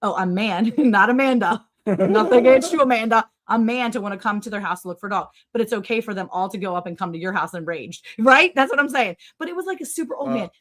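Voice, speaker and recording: A woman hosting a livestream, telling a story to her viewers in a chatty, sarcastic way, full of "like" and big jumps in pitch. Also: fast talker. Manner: animated, sarcastic, with wide swings in pitch; chatty, with many "like" fillers. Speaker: livestream host.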